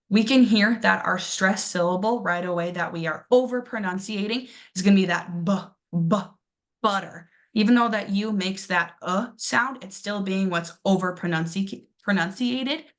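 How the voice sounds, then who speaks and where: A young woman with a medium-pitched voice teaches a pronunciation lesson. She patiently encourages her students and repeats each word slowly.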